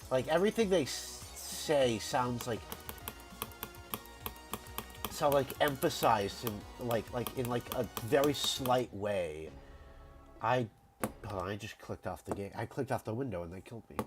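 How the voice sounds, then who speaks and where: A man's voice: mid-range voice, measured pace, pauses often, music in the background. A man with a head cold chatting casually on a game stream, rambling and repeating words as he restarts sentences. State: congested from a cold. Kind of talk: casual live-stream chat.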